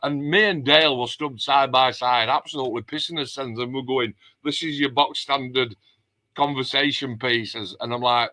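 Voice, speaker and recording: A man's voice: medium pitch, steady tone, moderate pace, bright, forceful tone, dry recording. A middle-aged man, chatting casually as a club host and acting out conversations. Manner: chatty storyteller, acts out conversations with dialect words. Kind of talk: casual chat.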